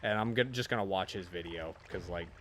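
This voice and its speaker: A man's voice: deep voice, fast talker, fairly bright tone, a little hiss or hum. A man streaming a game and chatting casually, retelling a story in a rambling, profane way full of restarts. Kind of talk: casual chat while gaming.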